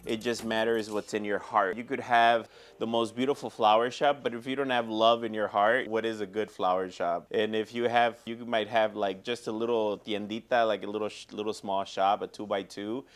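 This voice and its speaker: A man with a fairly low voice talks openly in his flower shop, heartfelt and effusive, sprinkling his speech with fillers. Soft music plays faintly underneath. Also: flat delivery, normal speed, hardly any pauses. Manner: heartfelt and effusive, full of fillers like "you know". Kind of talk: casual interview chat.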